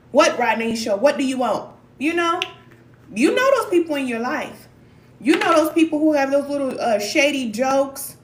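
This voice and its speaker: A woman's voice: high voice, roomy sound, a little hiss or hum. A woman from Missouri giving a blunt, emphatic motivational talk as a spiritual life coach.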